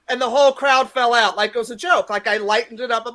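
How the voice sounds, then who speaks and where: Woman stand-up in her 50s, bright forceful voice, brash and foul-mouthed, acts out her stories. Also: fairly high pitch, fast talker. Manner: brash, profane, acts out quotes loudly. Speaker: stand-up comedian, guest. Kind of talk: casual interview storytelling.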